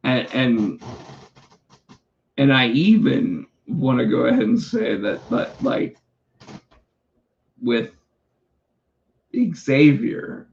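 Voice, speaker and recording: A man co-hosting a casual wrestling chat, rambling with restarts and fillers, his voice going hoarse. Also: medium pitch, very animated, very slow, pauses often, a little mellow, dull audio. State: losing his voice. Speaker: podcast co-host.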